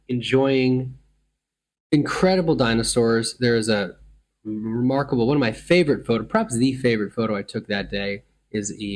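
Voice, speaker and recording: A man from the United States hosting a travel show, telling his stories in a thoughtful, meandering way with frequent restarts. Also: mid-range voice. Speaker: travel podcast host. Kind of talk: reflective travel storytelling.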